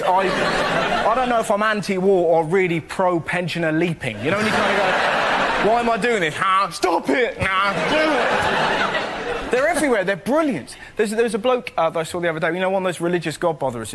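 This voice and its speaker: A young man doing stand-up on a panel show, excitable, jumping into shrill shouted impressions. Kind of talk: stand-up comedy routine. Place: television studio with a live audience. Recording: noisy studio broadcast recording. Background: audience laughter.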